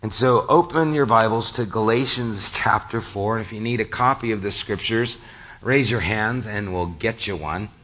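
A male pastor preaching a sermon, his voice a little hoarse from a cold, speaking conversationally to the congregation. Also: lowish voice, normal speed, a bit bright, lo-fi sound. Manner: conversational, addresses the congregation directly.

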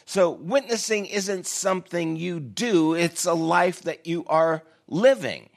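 A man's voice: high-pitched, animated, takes it slowly, vocal fry. A man preaching a sermon as a pastor, telling a personal story in a casual, conversational and self-deprecating way. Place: church.

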